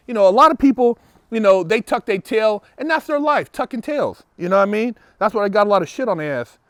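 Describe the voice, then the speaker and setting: A man hosting a show replies to viewer comments with a high voice and no echo around it. The casual monologue is emphatic and opinionated, and he repeats words once he gets going.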